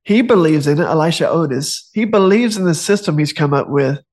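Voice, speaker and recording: A man's voice: on the high side, animated, a little fast, a little mellow. A man giving a casual faith talk, conversational and digressive, reading passages from his own book with joking asides. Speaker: Christian author and speaker.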